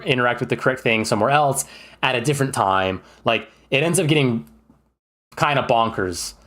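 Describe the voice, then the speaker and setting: A man's voice: medium pitch, a bit bright. A man streaming and ranking games, chatting in a casual, enthusiastic way with plenty of fillers and restarts. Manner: chatty and rambling, with many fillers. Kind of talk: casual livestream commentary.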